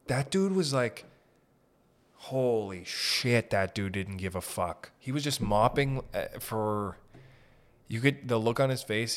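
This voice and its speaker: Talking a little slowly in a lowish voice, a male podcast host from Northern Ontario, Canada tells profane, rambling comic stories. It's a comedic storytelling chat built on animated anecdotes.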